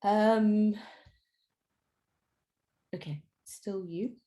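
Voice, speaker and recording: A woman hosting an online event over a video call, lively and coaxing. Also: mid-range voice, drawn-out words. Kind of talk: casual video call moderating.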